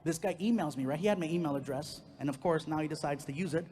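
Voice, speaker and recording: A male stand-up comedian telling a story on stage, animated and acting out the voices. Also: on the high side, fast talker, slightly rough, long reverb tail. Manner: animated, acts out every voice.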